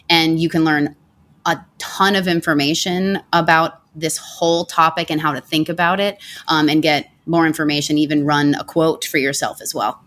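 A woman's voice: sits low, a bit bright. A woman financial consultant answering interview questions in a casual, chatty way, with many "you know"s and "like"s.

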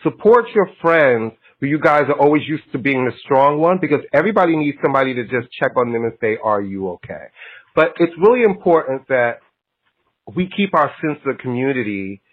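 A man's voice: mid-range voice, expressive, brisk. A man co-hosting a podcast, talking in an earnest, rambling way and laughing easily. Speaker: podcast co-host. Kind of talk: casual chat. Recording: tinny phone-like line.

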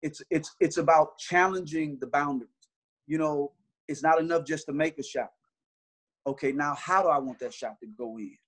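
A man's voice: on the high side, moderate pace, a bit bright. A middle-aged man, a basketball trainer, telling stories in a casual interview with earnest, repeated restarts.

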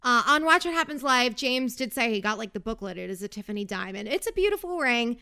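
A young woman rambles through a reality show recap, sarcastic and prone to tangents. Her voice sits high and sounds bright and crisp. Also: lively intonation, fast. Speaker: podcast host.

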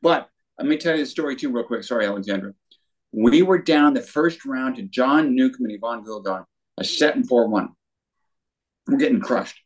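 Older man, animated storyteller, mid-pitched voice, interview guest. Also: normal speed. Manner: animated storyteller with acted quotes. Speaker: guest, former tennis pro.

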